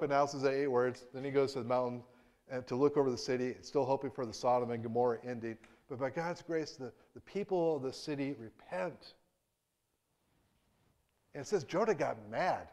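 In a medium-pitched voice, a man preaches conversationally, swinging between hushed and emphatic tones. He voices quotes dramatically and frequently starts over.

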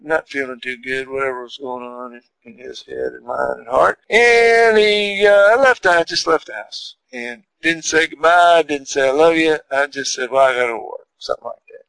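A man's voice: mid-range voice, normal speed, gravelly, hardly any pauses, sharp tone, smooth, dry recording, poor audio. An older man telling a personal story in a folksy, rambling, heartfelt way. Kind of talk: casual storytelling.

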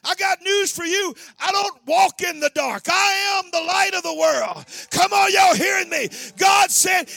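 Fervent high-voiced man preaching. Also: measured pace, gravelly, hardly any pauses, soft background music. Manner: shouting, fervent, calls out to the congregation. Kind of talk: sermon.

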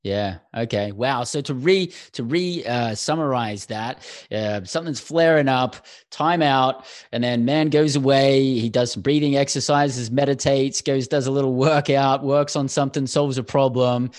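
A man hosting an interview, calmly summarizing his guest's points with soft affirmations. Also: mid-range voice, normal speed, few pauses. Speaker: interview host. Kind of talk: conversational interview.

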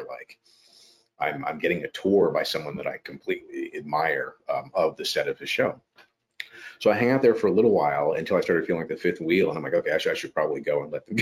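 Deep-voiced actor guest, storyteller, animated, jumps up high for quoted lines. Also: male voice. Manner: animated, acts out quotes in raised voice. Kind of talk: conversational storytelling. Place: New York.

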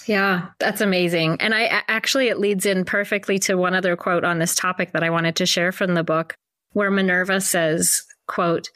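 A woman's voice: lowish voice, fairly even intonation, moderate pace, fairly bright tone, no room sound. A woman hosting a podcast, speaking in a thoughtful, affirming, reflective way. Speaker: podcast host. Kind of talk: casual conversation.

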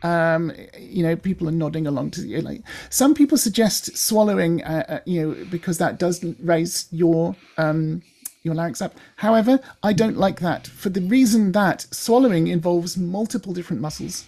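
A woman's voice: on the low side, moderate pace, gravelly, mellow. A woman, working as a voice coach, explaining in a chatty way and demonstrating sounds.

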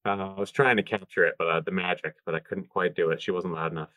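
Low voiced guy rambling on a podcast, lots of ums, dry close sound. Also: steady tone, quick pace, sharp tone, no echo. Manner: rambling, swears freely, many ums. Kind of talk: casual chat.

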